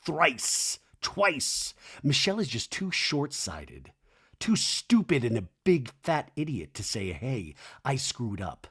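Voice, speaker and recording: A man voicing a defensive, self-pitying reality-TV father in a low, hushed, sulky voice. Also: wildly swooping pitch, slow, husky, full character voice.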